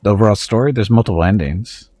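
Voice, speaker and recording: A man's voice: on the low side, quick pace, dark tone, dry recording. A man streaming a video game, chatting casually with viewers and making wry, chuckling asides. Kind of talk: casual let's-play commentary.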